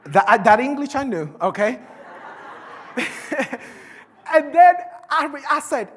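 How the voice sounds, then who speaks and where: A woman with a Spanish accent, a native Spanish speaker, giving a live conference talk in an animated, playful way and drawing in the audience. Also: sits high, slow, long pauses, slightly rough. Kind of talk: live keynote presentation. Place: large conference hall. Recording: echoey conference hall.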